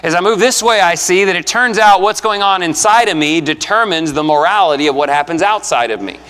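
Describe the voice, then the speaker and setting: A man's voice: fairly quick, fairly bright tone, smooth. Earnest preacher man in an echoing church. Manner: conversational, earnest, builds in pitch and volume to emphatic peaks. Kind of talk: sermon. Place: church sanctuary. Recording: long reverb of a church hall.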